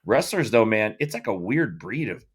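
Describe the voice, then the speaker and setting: A man's voice: lowish voice, very animated, moderate pace, breathy edge. A middle-aged man co-hosting a podcast in loose, profane casual chat, full of fillers. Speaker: podcast co-host.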